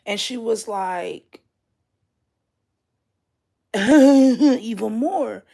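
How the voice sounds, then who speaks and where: A woman's voice: medium pitch, creaky, slightly rough. A woman telling a personal dream story casually and candidly, swearing freely as she talks. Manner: slow and drawn out. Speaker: vlogger.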